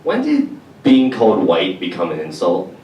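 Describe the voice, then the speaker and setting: Young male stand-up, low-voiced, deadpan and slangy, picked up from afar with room echo. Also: normal speed, dull audio, a little hiss or hum. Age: young adult. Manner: deadpan, slangy and profane, mocks others in put-on voices. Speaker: stand-up comedian. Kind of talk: stand-up comedy set. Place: college venue with audience laughter. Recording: echoey room, distant mic, loud ambience.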